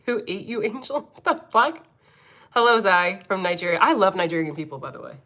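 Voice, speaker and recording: Bright, brash Philadelphia woman. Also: medium pitch, expressive, fairly quick. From Philadelphia, United States. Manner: blunt, profane, laughs often. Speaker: livestream host, angel medium. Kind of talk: casual livestream chat reading comments.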